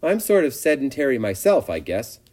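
A man's voice: medium pitch, very animated, normal speed, darkish tone, voice pushed up, lightly acted. A man reading a storybook aloud and voicing a naive, eager young male pig who is easily hurt. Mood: dreamy.

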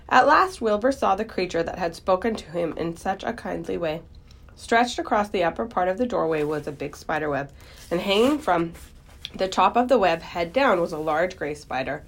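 A woman reading a children's book aloud in a gentle, expressive storytelling voice. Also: lowish voice, normal speed.

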